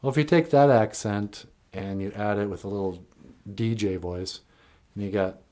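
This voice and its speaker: A man's voice: lowish voice, unhurried, a little mellow. A man, a cartoonist and puppeteer, telling a comic story in a folksy, digressive way.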